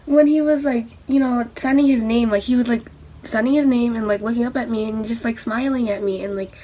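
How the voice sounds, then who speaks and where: A young woman telling a rambling, excitable story while doing her makeup for a vlog. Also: on the high side, brisk. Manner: rambling, excitable, lots of fillers. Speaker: beauty vlogger.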